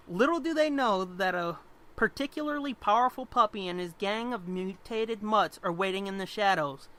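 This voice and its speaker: A man co-hosting a comic-book podcast in casual chat, excitable and profane. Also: high voice. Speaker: podcast co-host.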